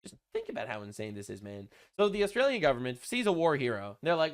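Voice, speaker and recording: A man's voice: mid-range voice, huge pitch swings, fast, hardly any pauses. A young adult man giving casual online commentary, crude and mocking, rambling with lots of fillers. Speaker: commentary channel host.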